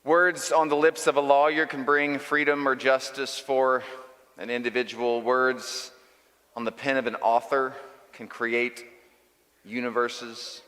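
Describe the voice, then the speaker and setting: A male pastor preaches with a bright, forceful tone, landing short and punchy phrases as he tells a story. His voice rings out with a long reverb through a large church hall. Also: medium pitch, little pitch movement, a little slow. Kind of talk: sermon.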